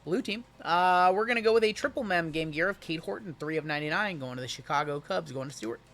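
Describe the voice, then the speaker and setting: A man's voice: fairly high pitch, fast talker, a bit bright, soft background music. A man hosting a live card-break stream, calling out each pull in an upbeat, chatty, teasing way.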